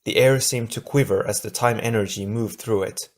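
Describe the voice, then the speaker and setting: A man narrating an adventure audiobook in a steady, measured storytelling voice. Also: fairly low pitch. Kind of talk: scripted narration.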